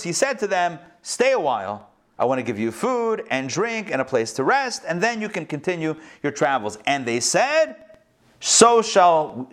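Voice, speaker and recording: Lively, joking male Torah teacher. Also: fairly high pitch. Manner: lively and humorous, mixing in Hebrew terms. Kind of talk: online Bible class with screen sharing.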